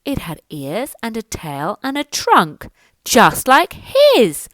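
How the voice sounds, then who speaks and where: A woman reading a children's picture book aloud in a lively, sing-song rhyming manner. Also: mid-range voice, a little slow, no room sound, poor audio. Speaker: storyteller.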